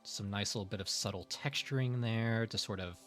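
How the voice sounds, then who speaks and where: Male streamer, lower voice, rambling, full of fillers, laughs a lot, faint music behind. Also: brisk, fairly bright tone. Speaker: streamer and artist. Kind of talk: casual chat while drawing on stream.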